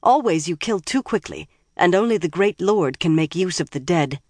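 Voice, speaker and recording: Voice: mid-range voice, animated, normal speed, darkish tone, dry recording, natural voice. A narrator voicing a cruel, mocking woman sorceress who taunts her captives in oddly clipped phrasing, in a dry recording. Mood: menacing.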